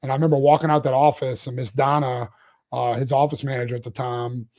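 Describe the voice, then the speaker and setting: A man in his forties tells his story in a relaxed interview. His voice sits at a middling pitch, and he rambles with restarts, breaks into laughs and keeps up an animated run of talk. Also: fast talker. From Louisiana, US. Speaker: CEO guest.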